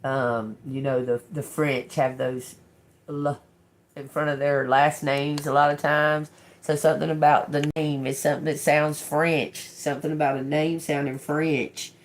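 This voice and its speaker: A woman doing an intuitive tarot reading. She repeats channeled words slowly and quietly, then turns chatty when she explains them to viewers. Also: deep voice, little pitch movement. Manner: slow, murmured repetition of channeled words. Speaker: tarot reader.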